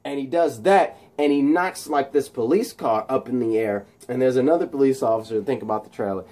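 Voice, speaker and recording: A man casually retelling a movie plot, rambling excitedly with many restarts. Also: medium pitch, brisk, few pauses. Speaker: channel host.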